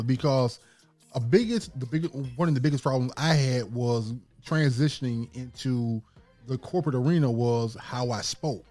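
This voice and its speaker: A man co-hosting a casual podcast chat, telling stories in a lively way and laughing often. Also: mid-range voice. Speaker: podcast co-host.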